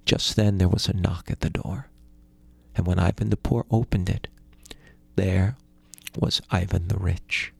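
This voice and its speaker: Male storyteller, gravelly, dry close recording. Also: sits low, steady tone, a little slow, long pauses, a little mellow, no room sound. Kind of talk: folktale storytelling.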